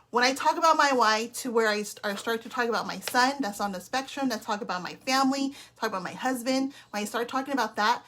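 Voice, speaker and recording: A woman in her thirties giving an energetic team training talk as a sales leader, emphatic and often checking in with "okay?". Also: on the high side.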